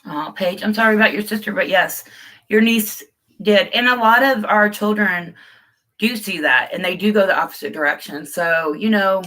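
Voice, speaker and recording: A woman's voice: medium pitch, moderate pace, bright, forceful tone, low-quality recording. A middle-aged woman hosting a casual live chat, talking openly and loosely to her viewers and calling them guys. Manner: open, rambling, addresses viewers as guys. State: tearful at times. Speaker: livestream host.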